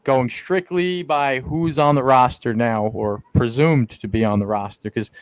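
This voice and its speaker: A man co-hosting a wrestling podcast, animated and teasing, quick with playful insults. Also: mid-range voice, no room sound. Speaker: podcast co-host. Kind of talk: casual wrestling podcast chat.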